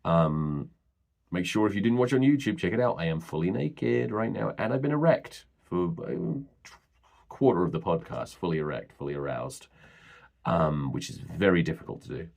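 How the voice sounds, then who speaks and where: A man's voice: sits low, lively intonation, normal speed, gravelly, darkish tone. A man hosting a solo podcast, rambling and swearing bluntly as he rants. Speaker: podcast host.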